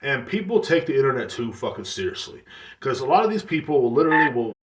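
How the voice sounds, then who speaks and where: A man's voice: medium pitch, quick pace, slight background noise. Profane rambling man in a roomy room. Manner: profane, rambling, animated storytelling. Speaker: podcast host. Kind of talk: casual solo podcast rant.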